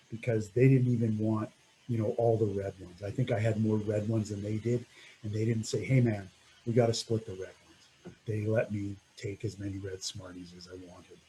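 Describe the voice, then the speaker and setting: A man's voice: medium pitch, mellow, slight background noise, poor audio. A middle-aged man telling a climbing story over slides in a reflective way, often laughing and trailing off.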